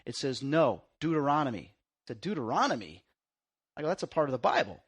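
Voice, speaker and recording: A male host with a mid-range voice speaks in casual conversation. He tells stories with mounting excitement, acting out the lines he quotes. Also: medium pitch, quick pace, slightly rough. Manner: excitable storyteller, acts out quotes.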